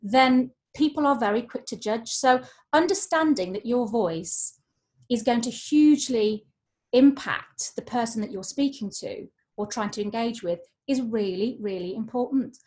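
A woman's voice: fairly high pitch, normal speed, darkish tone. A woman, a voice coach talking expressively in a podcast conversation. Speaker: voice coach guest.

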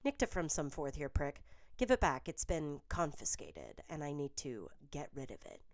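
A woman voicing a sharp-tongued, sneering teenage witch girl, raised above her usual low reading voice. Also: huge pitch swings, moderate pace, heavily acted. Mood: scornful. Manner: sneering, bossy.

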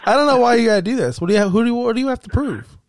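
A man's voice: extremely high pitch, expressive, rapid-fire, dry recording. A man co-hosting a casual sports chat, reeling off stats and needling his partner. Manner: teasing, stat-heavy, needling. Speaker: podcast co-host.

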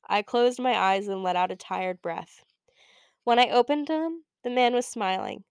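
A young woman narrating a first-person audiobook with a wry, expressive way of telling the story. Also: mid-range voice, normal speed, clear, resonant tone, no room sound, clean studio sound. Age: young adult. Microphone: close studio mic.

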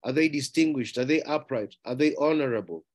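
A man preaching a sermon, emphatic, asking rhetorical questions and repeating key phrases. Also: fairly quick. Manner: rising in pitch and loudness on key words.

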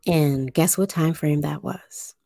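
A woman from the New Orleans area giving a slow explanatory monologue, with deliberate, drawn-out phrasing and pauses. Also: low voice, vocal fry, mellow, no echo, studio quality, faint music behind.

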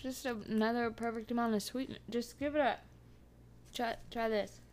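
A woman's voice: fairly high pitch, steady tone, moderate pace, darkish tone. A woman co-hosting a casual podcast chat, teasing with dry quips and giggling. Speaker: podcast co-host.

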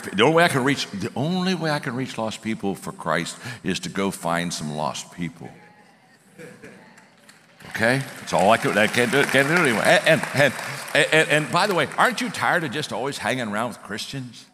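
A man preaching a sermon in a folksy, animated storytelling manner, with many restarts. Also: mid-range voice, brisk, in a large hall.

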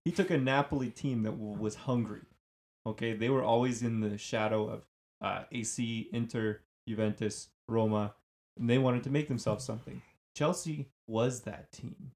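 A man's voice: mid-range voice, steady tone, normal speed, darkish tone. A man co-hosting a football podcast in casual chat, emphatic and checking in with his listeners as he makes points. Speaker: podcast co-host.

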